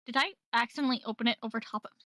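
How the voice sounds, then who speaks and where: A woman playing a tabletop game, chatting casually, bubbly and quick to joke. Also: a little high, bright, forceful tone, a little hiss or hum. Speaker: player.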